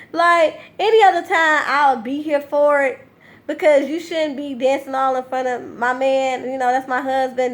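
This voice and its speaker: A woman with a high voice gives a casual recap of a reality TV episode. She speaks bluntly and sassily, with plenty of profanity. Her retelling stays lively and opinionated. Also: normal speed. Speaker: TV recap host.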